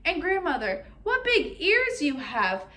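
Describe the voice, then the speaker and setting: A woman voicing a young girl in a red hood, cheerful and polite, her storybook voice pitched high and lifting. She speaks eagerly, with bright, open delivery. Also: huge pitch swings, measured pace, heavily acted. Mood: frightened.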